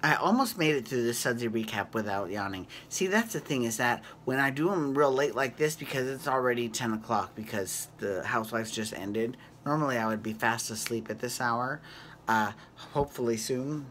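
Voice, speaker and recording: Vlog host, gossipy recap chat, bright tense tone, laughs a lot. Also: mid-range voice, normal speed, a little hiss or hum. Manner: chatty, gossipy, laughs often. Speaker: host recapping a reality show. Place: home at night.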